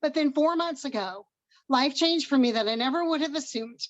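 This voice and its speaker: A woman's voice: high-pitched, moderate pace, no room sound. An older woman from Washington State giving an upbeat, emotional personal testimony on a video call. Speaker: guest presenter.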